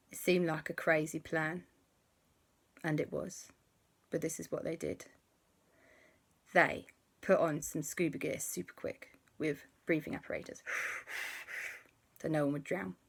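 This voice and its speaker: A woman making up an adventure story for children, playful and full of sound effects and gasps. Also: low-pitched. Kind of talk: improvised bedtime story for kids.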